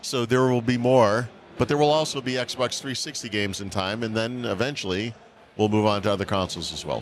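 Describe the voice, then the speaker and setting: Brief: low-voiced man, wry podcast co-host, rambling chat. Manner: rambling, wry, self-correcting. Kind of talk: casual tech chat.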